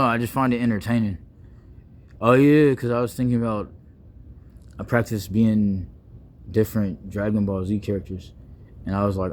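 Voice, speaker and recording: Young Bay Area guy, lowish voice, loose rambling vlog talk, slangy, restarts a lot, faint rumble behind. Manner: loose, playful, wordy on purpose, with slang and many restarts. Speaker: vlogger. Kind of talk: rambling casual monologue.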